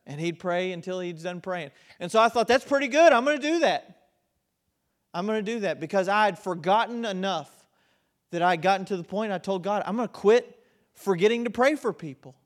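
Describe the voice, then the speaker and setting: A middle-aged man preaching a sermon as pastor, swinging between loud, emphatic lines and quiet, intense stretches. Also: high voice, brisk.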